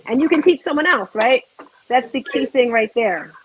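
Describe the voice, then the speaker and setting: A woman's voice: a little high, lively intonation, moderate pace, very noisy. A woman hosting a home cooking show, chatting casually and rambling to viewers while she cooks.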